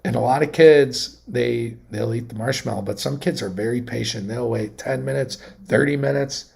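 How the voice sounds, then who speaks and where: A man in his thirties hosts a casual livestream in a heavily gravelly, fried voice. His tone is husky, and he talks in a loose, rambling way, restarting sentences and getting animated as he goes. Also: medium pitch, normal speed. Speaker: livestream host.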